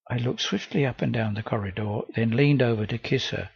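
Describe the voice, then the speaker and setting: A man reading a first-person novel aloud in a measured, expressive way. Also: medium pitch, vocal fry, slightly rough, no echo, highs cut off. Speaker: audiobook reader.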